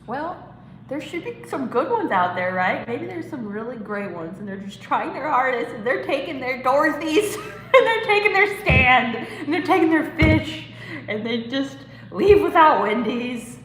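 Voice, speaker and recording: A woman's voice: sits high, expressive, a little slow, fairly bright tone, reverberant, long reverb tail, slight background noise, rough recording. A woman hosting a casual live stream, rambling, giggling and reading chat comments aloud. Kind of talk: casual watch-along chat.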